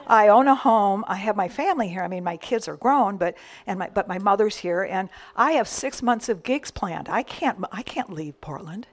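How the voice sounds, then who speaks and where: A woman's voice: mid-range voice, animated, normal speed, hardly any pauses, no room sound, natural voice. A woman whispering as a frustrated jazz singer. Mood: anxious. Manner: hushed, breathy whispering.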